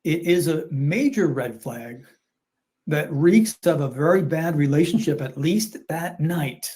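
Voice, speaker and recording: Measured older man lecturing. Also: on the high side, expressive, dark tone. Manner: measured, lecturing, repeats key points. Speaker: commentator on video. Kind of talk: explanatory commentary.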